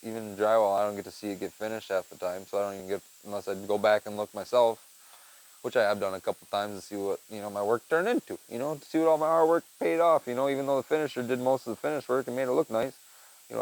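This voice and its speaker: A young man chatting casually on his own, rambling and swearing, dropping to mumbles and then getting loud. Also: on the low side, creaky, rough recording. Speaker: podcast host. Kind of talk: casual solo chat.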